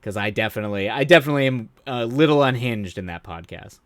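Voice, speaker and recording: A man with a fairly low voice talks fast while chatting casually on his live stream. He keeps trailing off, restarting, and laughing at his own stories in a rambling, self-interrupting way. No echo is present.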